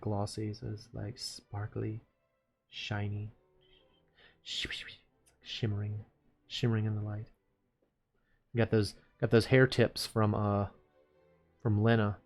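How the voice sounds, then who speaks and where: A man streaming as he draws, chatting in a rambling, laid-back way and chuckling to himself. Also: fairly low pitch. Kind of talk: casual chat while drawing.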